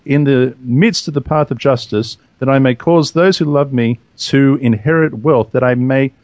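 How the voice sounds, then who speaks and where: A man hosting a religious podcast, reading scripture aloud in a steady, measured way. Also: medium pitch, no echo. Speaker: host.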